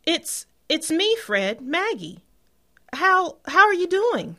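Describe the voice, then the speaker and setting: A woman's voice: very high-pitched, big pitch swings, sharp tone, full character voice. A woman playing a nervous young wife who stammers and hesitates on a phone call, in a radio-style drama. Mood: nervous tender. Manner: anxious, halting, stammering.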